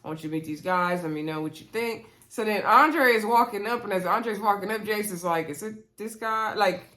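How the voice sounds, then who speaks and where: A woman casually recapping a reality dating show, chatty and animated, quoting the cast and talking straight to her viewers. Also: mid-range voice, fairly quick. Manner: chatty, animated, retelling scenes with quoted voices; addresses viewers directly. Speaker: reality TV reviewer.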